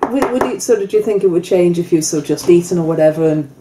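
A woman's voice: fairly low pitch, lively intonation, fast, noisy background. A woman co-hosting a casual e-liquid review, teasing her partner with dry humour and tripping over words now and then. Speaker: co-host.

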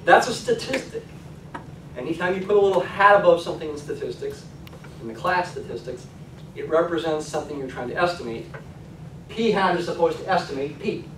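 A man's voice: on the high side, lively intonation, a little fast, recorded from a distance, slight background noise. Man lecturing in an echoey classroom. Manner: conversational, frequent "okay?" check-ins. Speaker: college statistics lecturer.

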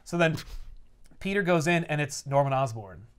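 A man co-hosting a casual podcast chat, retelling a comic book story in an animated way and acting out the characters' lines. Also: a little high, moderate pace, clean tone. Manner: animated, acts out characters' lines while summarizing.

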